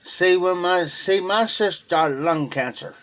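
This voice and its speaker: On a livestream, an Ohio man talks casually, rambling emotionally and often repeating himself. His voice sits high and a bit bright, moving at a moderate pace.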